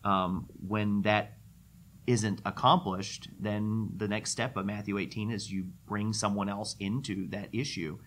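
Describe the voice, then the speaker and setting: Man on a conference Q&A panel, lowish voice, relaxed chat, slight background noise. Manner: conversational, with frequent "uh" pauses. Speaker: conference speaker answering questions. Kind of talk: casual Q&A talk.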